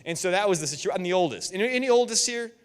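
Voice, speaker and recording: A man in his thirties preaching to a youth group, telling lively stories and acting out quotes. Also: high voice, racing, clean tone. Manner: animated storytelling with jokes and voiced quotes. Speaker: youth pastor. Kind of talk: sermon. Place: church youth room. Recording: echoey hall with long reverb.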